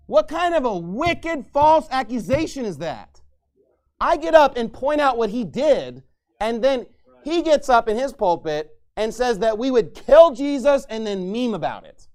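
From his own pulpit, a pastor with a high-pitched voice delivers a fiery, combative sermon in an unhurried, sing-song way. His preaching swings into angry, mocking outbursts, and at times he shouts.

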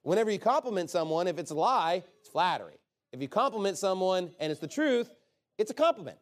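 A man's voice: sits high, big pitch swings, fast talker. A man preaching a sermon in an emphatic, conversational way, often asking rhetorical questions.

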